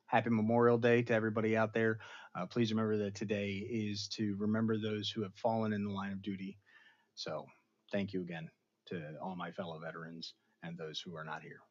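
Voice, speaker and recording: On a casual pop culture livestream, a male host recaps a TV episode in a rambling, animated way, swinging widely in pitch and volume. The recording has its highs cut off.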